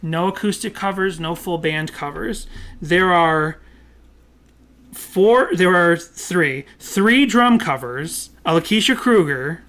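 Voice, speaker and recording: A young man co-hosting a podcast in casual chat, rambling at length, talking loudly and laughing often. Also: high voice, slow. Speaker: podcast co-host.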